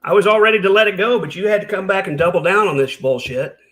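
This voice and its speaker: Heated high-voiced man ranting. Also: quick pace, fairly bright tone. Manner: heated, sarcastic, profane. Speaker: commentary channel host. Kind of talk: angry reaction commentary.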